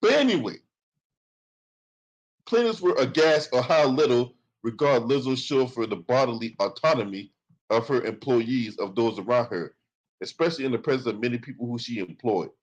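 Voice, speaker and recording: A man's voice: medium pitch, fairly quick, poor audio. Profane, sarcastic male commentary host. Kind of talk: reading a lawsuit and ranting commentary.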